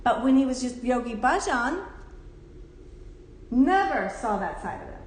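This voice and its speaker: In a temple room with a roomy echo, a woman spiritual teacher gives a casual talk to a class, candid and chatty, swearing and laughing often. Her voice is a little high, sing-song and unhurried.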